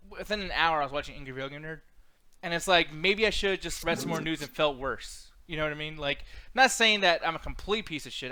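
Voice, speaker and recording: A man chats on a gaming livestream in a quick, high voice with a bright edge. He swears freely and rambles through jokes as a co-host would. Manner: profane, joking, rambling. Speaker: podcast co-host. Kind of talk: casual livestream banter.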